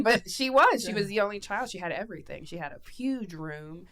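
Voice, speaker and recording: A woman's voice: mid-range voice, brisk, crowd noise. A woman in her thirties, a guest chatting casually and laughing often, telling stories with plenty of swearing. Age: 30s. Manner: laughing, animated, swearing freely. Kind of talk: casual chat.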